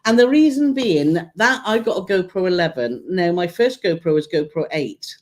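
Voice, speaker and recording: A woman's voice: lowish voice, animated, moderate pace. Chatty British woman hosting a live chat. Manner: chatty, laughs often, reads out viewer comments. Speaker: co-host of a travel channel live stream. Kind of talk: casual live-stream chat.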